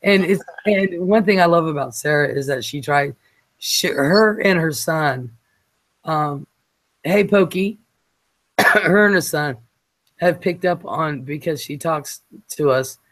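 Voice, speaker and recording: A man hosting a late-night casual chat show, rambling and halting with fillers as he talks. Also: fairly high pitch, fairly bright tone. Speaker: show host.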